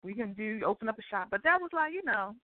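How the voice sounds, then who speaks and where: A middle-aged woman, the host's sister, talking candidly and relaxed as a guest. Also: medium pitch, fast talker, no echo. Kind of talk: casual conversation. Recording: tinny phone-line call audio.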